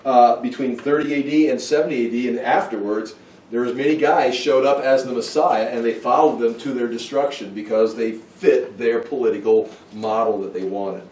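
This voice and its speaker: A man's voice: medium pitch, steady tone, normal speed, a little mellow. A man teaching a Bible study who thinks aloud with restarts and asides. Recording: roomy, from far off the mic.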